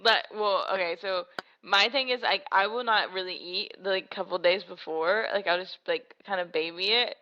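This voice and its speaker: A woman's voice: medium pitch, moderate pace, dull audio. A woman co-hosting a podcast in casual chat, blunt and casually swearing. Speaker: podcast co-host.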